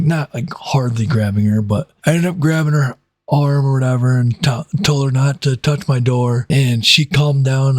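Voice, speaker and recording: A young man in his twenties telling a casual storytime, rambling with many fillers and restarts. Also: dry recording. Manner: rambling, many fillers and restarts, voices quotes in a higher pitch.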